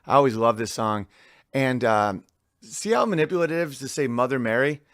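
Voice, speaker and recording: Faint music plays behind a male podcast host whose medium-pitched, slightly bright voice moves at a moderate pace. He rambles casually, often restarting and slipping into lyric snippets. The studio recording is clean, with no room sound.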